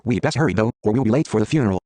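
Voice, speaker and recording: A man's voice: on the low side, expressive, racing, a little mellow. A man voicing a seductive female gorgon with snake hair, teasing and patient, read close to his own voice in a game playthrough. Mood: matter-of-fact.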